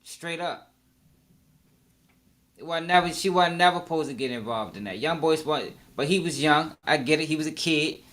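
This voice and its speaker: A man's voice: fairly high pitch, expressive, moderate pace, fairly bright tone. A man giving casual, slangy live reaction commentary, talking freely and laughing along. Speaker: reaction streamer.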